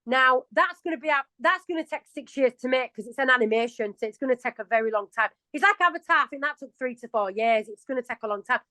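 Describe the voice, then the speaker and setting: A woman in her early forties with a broad Yorkshire accent talks casually as an interview guest. She is chatty and self-mocking and laughs often. Her voice sits high, and the sound is close and dry, with little room tone. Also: animated, fast, few pauses, pushed and bright, dry recording, low-quality recording. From England. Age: 40s.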